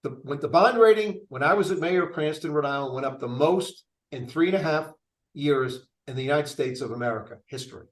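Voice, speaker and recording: A man's voice: a little high, a little fast. An older man running for office, talking casually in an interview with a rambling, restart-filled manner. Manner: animated, rambling, frequent restarts. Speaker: presidential candidate. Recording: echoey room.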